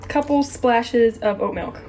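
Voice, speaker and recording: A woman's voice: fairly high pitch, a little slow, a little mellow, a little hiss or hum. Chatty woman demonstrating a recipe. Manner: chatty, explains each step as she goes. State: out of breath. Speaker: cooking channel co-host.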